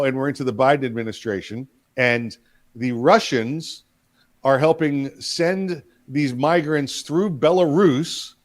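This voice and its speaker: Man, political talk co-host, chatty, jokey, fillers. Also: medium pitch.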